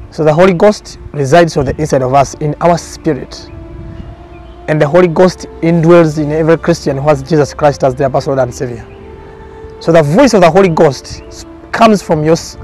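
A man's voice: a little high, darkish tone. A man speaking as a prophet in a documentary interview, giving testimony in an earnest, repetitive preaching cadence.

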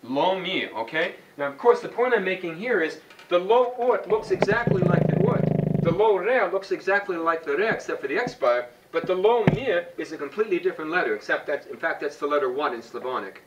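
A man with a high voice and lively intonation talks a little fast while teaching a class to read chant notes, calling on students by name to quiz them and singing brief examples. The highs sound cut off, and the distant mic picks up faint background noise in this classroom lesson.

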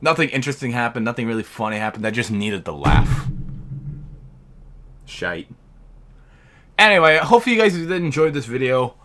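A man's voice: mid-range voice, big pitch swings, normal speed, long pauses, background noise. A man hosting a reaction video, chatting casually and laughing between his remarks. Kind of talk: casual commentary.

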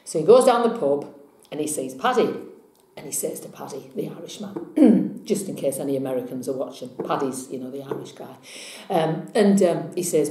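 Woman tarot vlogger, rambling and self-mocking, lowish voice with lively swings. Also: moderate pace, roomy sound. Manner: chatty, rambling, laughing at herself. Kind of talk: casual vlog chat.

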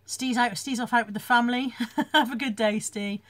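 A woman's voice: a little high, normal speed. A British woman hosting a casual live chat from home, reading out viewer comments and laughing often as she talks into her phone. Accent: British English.

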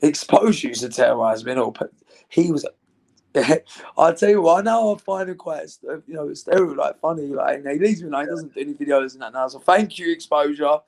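A man's voice: a little high, fairly quick, gravelly, a little mellow. A young man, talking in loose, rambling, laddish banter in an interview. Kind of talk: casual chat.

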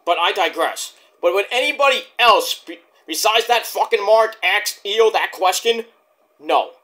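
A man's voice: high-pitched, animated, unhurried, bright, forceful tone. A man reviewing a wrestling show in a heated, profane, rambling rant.

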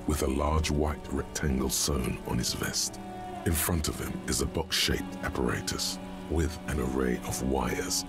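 An actor voicing the blunt inner narrator of a detective game, who speaks to the player as you. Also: male voice, extremely low pitch, vocal fry, heavily acted. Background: game music.

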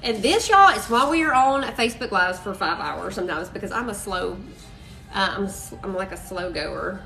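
Woman host, chatty and excitable, mid pitch, a bit off-mic with faint music under her. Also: normal speed, vocal fry, distant mic, low-quality recording. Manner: bubbly, says "y'all" and "freaking" a lot. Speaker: craft live-stream host. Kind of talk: chatty live-stream crafting demo.

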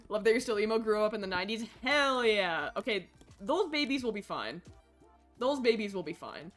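Excitable woman streamer, pitch swinging wildly. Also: fairly quick, soft background music. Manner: excitable, swings from mumbling to shrieking. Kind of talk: live game commentary.

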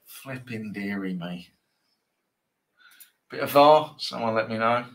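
A man's voice: on the low side, a little slow, long pauses. A man hosting a live football trading stream, chatting casually and bantering with viewers in a rambling way.

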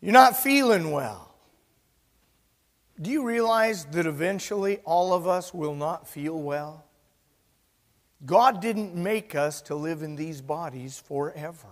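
A pastor in his sixties delivers an emphatic sermon in a high voice. He swings between loud declarations and quiet asides, and the words ring out with long reverb in a church sanctuary. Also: lively intonation, slow, pauses often. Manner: emphatic preaching, loud and soft by turns.

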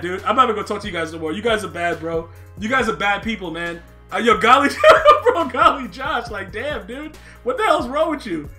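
A man streaming a video game, reacting loudly and laughing as he talks. His voice is high and bright, and it jumps all over the place. Faint music plays underneath. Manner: excitable, laughing, yelling at the game. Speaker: gaming streamer. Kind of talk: live game commentary.

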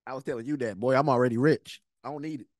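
A man's voice: mid-range voice, racing, soft background music. A man giving casual, slangy commentary while reacting to a movie, laughing often.

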